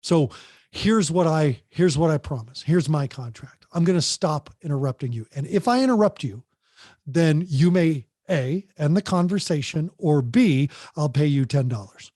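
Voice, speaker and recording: Male podcast guest, parent coach, emphatic and plain-spoken, voice a bit high, dry recording. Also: expressive, normal speed, warm tone, dry recording. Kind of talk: podcast interview advice.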